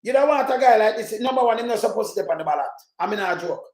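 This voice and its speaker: A Jamaican man giving loud, mocking political commentary, often shouting. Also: high voice, expressive, rapid-fire, echoey room. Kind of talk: ranting commentary over clips.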